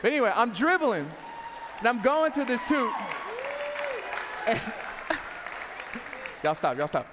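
A man's voice: extremely high pitch, very animated, slow, pauses often, a loud crowd, heavy background noise. A young adult man preaching a sermon as pastor, telling funny stories and talking straight to the congregation. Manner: humorous storytelling, talks to the congregation. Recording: long hall reverb.

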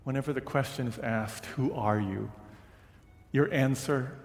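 Male pastor, slow emphatic sermon delivery, reverberant church sound. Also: mid-range voice, darkish tone. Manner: slow, emphatic preaching with call-and-response repetition. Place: church sanctuary.

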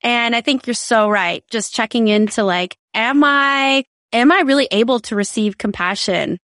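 A woman chatting casually on a podcast, telling stories with animated, expressive delivery. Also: a little high, moderate pace, no room sound, clean studio sound. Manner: animated storyteller, acts out quoted voices. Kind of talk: casual conversation.

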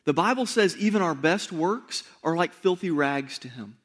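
A man with a notably high voice preaching to his congregation. He talks to them directly and conversationally, repeats key points for emphasis and throws in rhetorical questions. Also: lively intonation, normal speed. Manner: emphatic repetition. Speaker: pastor. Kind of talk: sermon.

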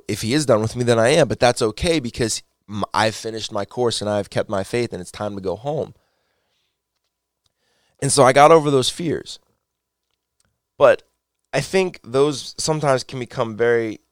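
Earnest man with a low, dry voice. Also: dry recording. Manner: earnest, excitable storytelling; repeats words and restarts when wound up. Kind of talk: personal faith testimony monologue.

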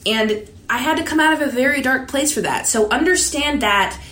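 A woman's voice: high-pitched, normal speed, fairly bright tone. A woman giving a candid motivational talk to her viewers, blunt and confiding, swearing often. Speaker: vlogger. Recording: echoey room.

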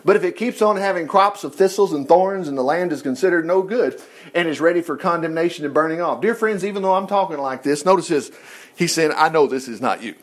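Animated male preacher, high lively voice, mimics congregants mid-sermon. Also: a little fast. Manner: animated, acts out churchgoers' voices.

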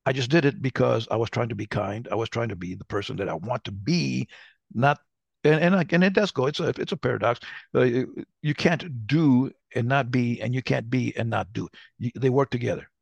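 A fairly quick, husky voice with vocal fry and medium pitch belongs to an older man co-hosting a podcast. He chats casually, rambles through stories, and keeps restarting and correcting his sentences. The recording is dry.

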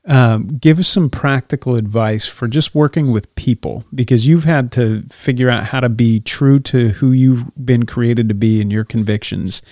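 A man hosting an interview, asking long reflective questions and murmuring soft agreement while the guest talks. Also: mid-range voice, normal speed, hardly any pauses, no echo, clean studio sound. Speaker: host. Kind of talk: casual faith interview.

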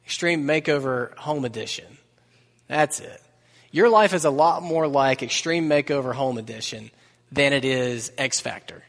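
Joking pastor preaching in a hall. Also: male voice, medium pitch. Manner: conversational preaching with asides and humor. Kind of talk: sermon. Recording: long reverb of a large hall.

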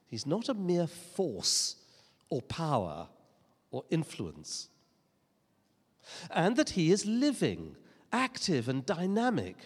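A man's voice: on the high side, wildly swooping pitch, slow, long pauses, husky, big-room sound. A man preaching a sermon, earnest and emphatic, with rhetorical questions and touches of dry humor.

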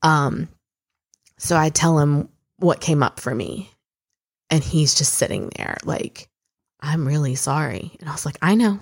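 Low-voiced chatty woman telling a story. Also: measured pace. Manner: chatty, swears freely, many fillers. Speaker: podcast co-host. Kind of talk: candid personal storytelling.

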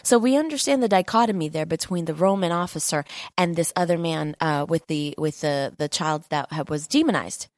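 A woman preaching a fervent, conversational sermon, repeating key lines for emphasis and often pausing on fillers. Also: low voice, no room sound, studio quality.

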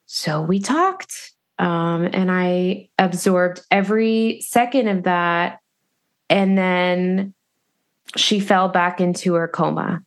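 A woman speaks with a slightly low voice as she shares a personal story on her podcast. She sounds earnest and reflective, and she pauses and restarts often as she gathers her thoughts. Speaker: podcast host.

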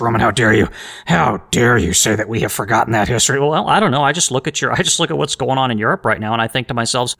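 A man's voice: mid-range voice, fairly bright tone. A man hosting a history podcast, talking in a rambling, emphatic monologue full of restarts and asides. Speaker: podcast host.

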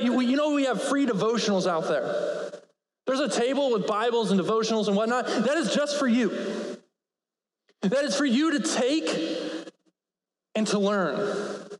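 A man's voice: very high-pitched, expressive, moderate pace, long pauses. A man preaching a sermon to a church gathering in a casual, earnest way, stringing his thoughts together with "and" and "like". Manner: casual and earnest, piles up clauses with "and" and "like". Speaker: pastor. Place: church hall. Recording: echoey hall with long reverb.

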